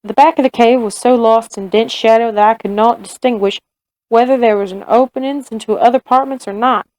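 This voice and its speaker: A woman reading aloud as a male frontier soldier telling his own story, in a Southern US accent with steady, measured narration. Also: a little high, close to an everyday voice, rough recording. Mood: grave.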